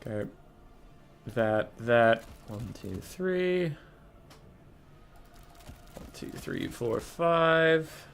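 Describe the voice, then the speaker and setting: A man's voice: mid-range voice, big pitch swings, extremely slow, vocal fry, long pauses. A young man casually commentating his own strategy game stream, chatty and thinking aloud.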